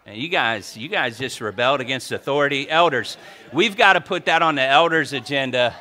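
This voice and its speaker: A man preaching a sermon as pastor, animated and joking with the congregation. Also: mid-range voice, brisk.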